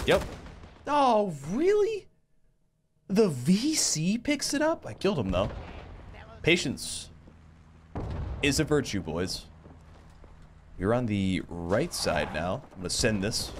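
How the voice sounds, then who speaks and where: A man's voice: low voice, slight background noise. A man giving live commentary over his own gameplay, exclaiming and swearing as the action unfolds. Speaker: gaming video host.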